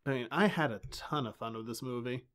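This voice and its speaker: A man in his late twenties co-hosts a comics podcast, talking casually and joking in an animated way with frequent laughter. His voice is medium-pitched and fairly quick.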